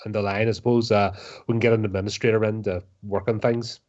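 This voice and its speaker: A man's voice: lowish voice, flat delivery, fast talker, a little mellow, dull audio, natural voice. A man playing a fawning vampire. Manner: rambling, hesitant. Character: male vampire, fawning over his conquering sire. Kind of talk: tabletop role-play.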